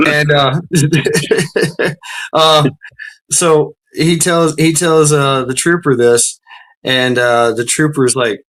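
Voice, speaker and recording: A man's voice: fairly even intonation, drawn-out words, a bit bright. A man hosting a casual talk show, telling a long story in a rambling way with many fillers and restarts, laughing often and acting out what others said. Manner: rambling, laughs often, acts out quotes with raised pitch. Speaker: podcast host.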